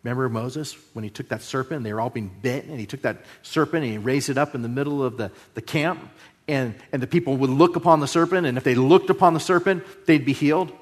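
A man preaching a sermon, moving between loud emphasis and hushed, drawn-out phrases. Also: medium pitch. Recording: long hall reverb.

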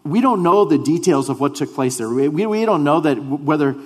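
A man's voice: a little high, expressive, a little fast. A man delivers a sermon as pastor in an earnest, conversational manner, often stumbling and restarting his phrases. His voice has a slight huskiness. The sound carries a long reverb from a church sanctuary.

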